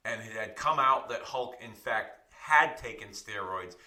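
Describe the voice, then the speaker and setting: Bright-voiced man rambling on a podcast. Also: fairly low pitch, animated, a little slow. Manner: rambling, profane, self-correcting. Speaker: podcast co-host. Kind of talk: casual podcast commentary.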